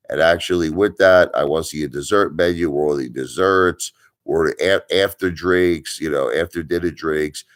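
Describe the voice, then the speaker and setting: A man's voice: low-pitched, normal speed. A middle-aged man from Brooklyn who hosts a live stream, telling stories and ranting in a blunt, emphatic way with casual swearing. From Brooklyn, New York. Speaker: livestream host.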